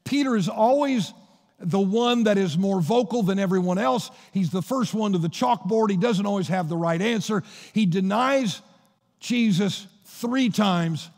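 High-voiced, gravelly preaching man. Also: a little slow, a little mellow. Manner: storytelling preacher retelling Bible scenes. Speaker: pastor. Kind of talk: sermon. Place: church sanctuary. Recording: long reverb of a church hall.

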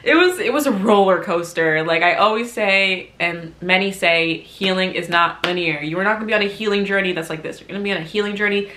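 A young woman vlogs from home, bright and forceful in tone though she sounds teary. She shifts between soft, reflective talk and loud bursts of self-mockery, and the room around her rings with echo. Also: medium pitch, fairly quick, hardly any pauses, slight background noise. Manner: emotional, open, swings from quiet reflection to loud self-mocking. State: teary, recovering from crying. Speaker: vlogger. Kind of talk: candid personal vlog. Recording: echoey room.

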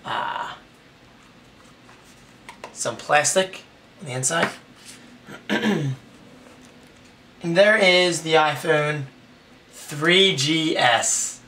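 Hoarse young male vlogger, excited and rambling, a bit high, recorded from a distance with faint noise behind. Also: very slow, long pauses. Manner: excited, rambling, self-deprecating. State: hoarse, raspy from yelling. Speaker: tech vlogger. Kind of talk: casual unboxing vlog.

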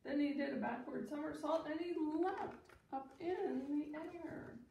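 A woman teacher reading a children's picture book aloud, expressive and asking her listeners questions along the way. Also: high voice, unhurried, creaky, highs cut off. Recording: echoey room, distant mic, faint hiss.

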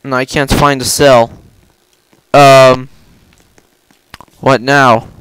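A young man giving casual gameplay commentary, excitable, yelping and repeating himself. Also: medium pitch, drawn-out words, slight background noise. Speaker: gameplay video host.

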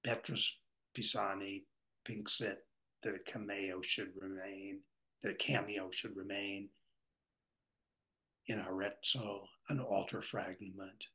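A man leading a poetry workshop, reading lines aloud and then pausing to explain them. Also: low voice, flat delivery, pushed and bright, poor audio. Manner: reads lines slowly, then glosses them. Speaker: workshop facilitator.

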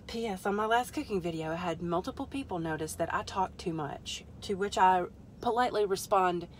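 A woman with a fairly low pitch speaks at normal speed on a product-testing live stream, sitting in her parked car in a store lot. Between joking, rambling asides to her viewers, she mutters to herself as she handles the product, and there's a little background noise.

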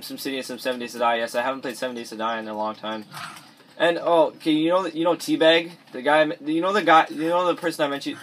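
Recorded at home in his bedroom on a cheap or device mic, this teenage boy gives rambling let's play commentary, restarting sentences and mumbling asides while gaming. He has a medium-pitched, fairly bright male voice, with slight background noise.

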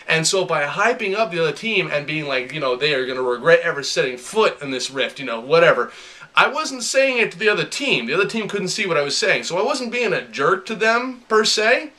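A young man narrates gaming stories and advice with an animated, over-the-top energy. His voice is slightly higher and very bright, and he talks like a casual video host. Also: brisk.

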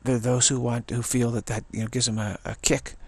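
A man in his sixties gives a rambling spiritual talk, with a gravelly, husky voice. He halts often, repeating words and restarting his sentences as he teaches. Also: mid-range voice, little pitch movement, brisk, darkish tone, no echo. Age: 60s.

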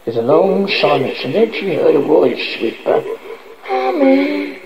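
A man tells a horror story in a dramatic, theatrical reading style. His voice runs high and moves widely in pitch. The recording sounds dull and lo-fi, with crowd noise in the background. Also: animated, normal speed. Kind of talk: scripted horror narration.

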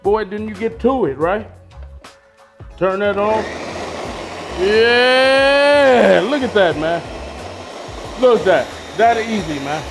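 A man hosting a fitness vlog, talking loud, hyped and slangy with a boastful edge. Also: sits high, lively intonation, slow, pauses often, over music. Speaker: fitness vlogger. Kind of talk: casual vlog.

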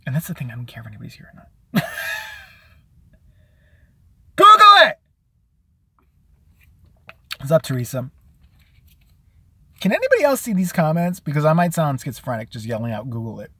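A man live-streaming a casual rant, profane and sarcastic, who often mimics other people in a high, mocking voice. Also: big pitch swings, fast, a little mellow, breathy edge, no echo. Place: out and about, at a store.

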